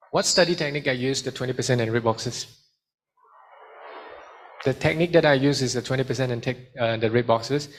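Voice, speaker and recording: A man giving a study skills seminar to students and taking questions, switching into Malay now and then. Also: medium pitch. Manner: lively, mixes in Malay phrases. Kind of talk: seminar talk with Q and A.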